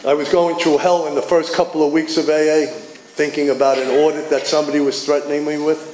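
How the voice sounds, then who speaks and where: A man's voice: on the high side, fairly quick. New man telling his recovery story. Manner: animated storytelling, acts out dialogue. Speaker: recovery meeting speaker. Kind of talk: personal recovery talk. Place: meeting hall. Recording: echoey room with faint noise.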